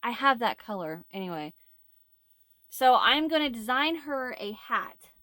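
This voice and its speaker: A woman's voice: on the high side, sing-song, a little slow, bright, forceful tone, no echo, studio quality. A woman chatting casually to camera as a crochet vlogger, rambling and laughing easily. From United States. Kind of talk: casual chat.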